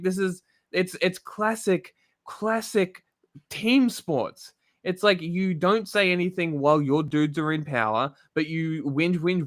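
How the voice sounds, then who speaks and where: A man's voice: fairly high pitch, fairly bright tone, no room sound, studio quality. An Australian man streaming, ranting bluntly and swearing a lot as he reacts to a video. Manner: blunt, heavy swearing, exasperated. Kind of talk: casual profane rant.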